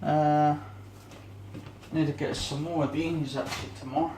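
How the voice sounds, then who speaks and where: A man's voice: fairly high pitch, fairly even intonation, normal speed. A man chatting away casually as he cleans, rambling and groping for words. He is recorded on a camera left in an echoey home kitchen, with a faint hiss behind him. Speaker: vlogger.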